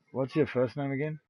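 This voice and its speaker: A middle-aged Australian man streaming a game live, chatting in crude, boastful banter with lots of swearing. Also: mid-range voice. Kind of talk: casual live-stream gaming chat. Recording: dull lo-fi dry sound.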